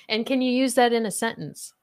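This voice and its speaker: A woman's voice: fairly high pitch, darkish tone. A woman hosting a casual podcast chat and running a playful quiz, laughing often. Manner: giggly, chatty, laughs often. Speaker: podcast host.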